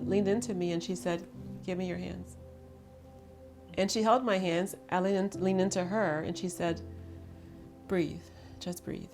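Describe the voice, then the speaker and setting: A woman's voice: medium pitch, darkish tone. A woman hosting an intimate conversation, telling her story in an earnest, emphatic way. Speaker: host.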